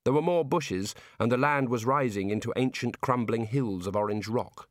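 A man reads a storybook aloud in steady, measured narration. His voice sits at an average male pitch, and the recording is close and dry with no room sound. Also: no room sound. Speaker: audiobook narrator.

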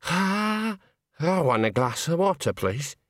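A man's voice: a little high, very animated, slow pace, fairly bright tone, no room sound, clean studio sound, voice pushed up, full character voice. A man doing a dazed, mumbling tenor. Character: dazed, groggy male opera tenor.

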